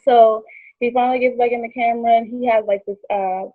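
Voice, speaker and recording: Brief: higher-voiced woman in her twenties, animated storyteller, acts out quotes, dry tinny phone sound. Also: fairly quick, no echo. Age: 20s.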